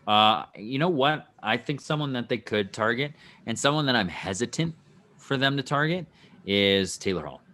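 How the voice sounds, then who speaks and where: A man's voice: medium pitch, animated, moderate pace, bright, forceful tone. A man on a sports podcast panel, earnestly arguing for his picks and standing by them. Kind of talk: casual sports chat.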